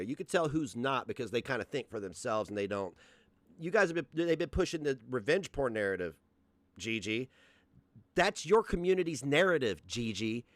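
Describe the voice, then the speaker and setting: A man's voice: medium pitch, no echo. A man in his forties giving profane, confrontational commentary as a live streamer. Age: 40s.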